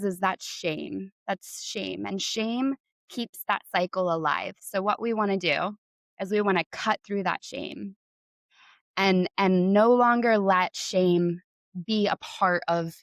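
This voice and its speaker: A young woman hosting a podcast, talking earnestly with many "like"s and leading a gentle breathing exercise. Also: medium pitch, slow pace, no room sound. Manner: warm, earnest, says "like" often. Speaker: podcast host and coach. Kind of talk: casual talk with guided breathing.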